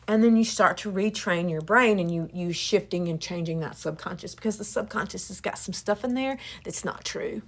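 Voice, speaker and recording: Soft-spoken woman healer, lowish voice. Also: fairly quick, hardly any pauses. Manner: shifts between hushed whispering and lively chat. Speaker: Reiki healer. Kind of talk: spiritual healing session.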